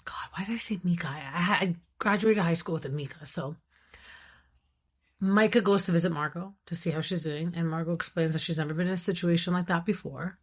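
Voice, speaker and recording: A woman with a thick, raspy voice, hosting a podcast and giving animated, casual commentary on a reality TV show. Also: on the low side. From Iran. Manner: animated, enunciating, quick asides and acted-out quotes. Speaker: podcast host.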